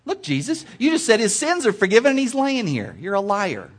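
A man's voice: high voice, huge pitch swings, a little fast, voice pushed up, exaggerated voice. A man putting on a sneering, indignant scribe. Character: indignant scribe accusing Jesus, adult man.

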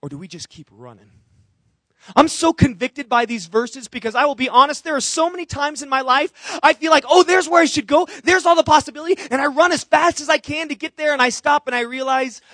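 A man's voice: very high-pitched, a little fast, pushed and bright, dry recording, studio quality. A man preaching a sermon, earnest and emphatic, with repeated phrases and direct questions to the congregation. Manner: asks the audience questions directly. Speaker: pastor.

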